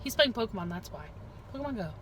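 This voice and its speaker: Lady vlogger rambling in her car, kinda high voice, car noise behind. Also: expressive, quick pace, a bit bright, low-quality recording. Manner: chatty and rambling. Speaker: vlog host. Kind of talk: casual chat while eating in a car. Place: inside a car.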